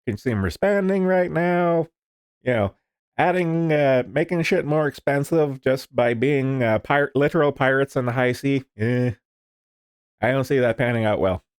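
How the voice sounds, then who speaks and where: A streamer reads the news and comments on it casually, rambling, swearing and using plenty of fillers. His mid-range voice is clear and resonant, and he talks a little slowly. The audio is studio quality with no echo.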